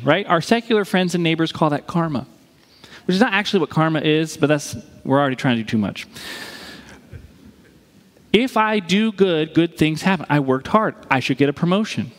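A man preaching a sermon as pastor, speaking in a lively, conversational way and acting out quoted lines. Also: high-pitched, brisk. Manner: animated, conversational, acts out quotes. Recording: reverberant hall.

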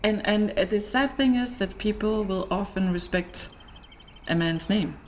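A woman's voice: mid-range voice, a little slow, slight background noise. A woman entrepreneur chatting candidly as a guest in an interview, often laughing as she talks. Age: adult, married. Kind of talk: casual interview chat.

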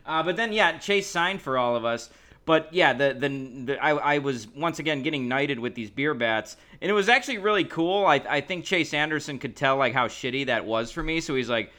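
Bright-voiced man telling stories. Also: a little high, normal speed. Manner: animated, joking anecdote-telling. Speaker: podcast co-host. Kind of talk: casual chat.

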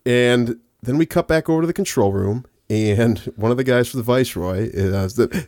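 A man's voice: medium pitch, normal speed, few pauses, darkish tone, no room sound, studio quality. A man casually recapping a film on a podcast, laughing and acting out quoted lines as he goes. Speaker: podcast co-host. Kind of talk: casual movie recap chat.

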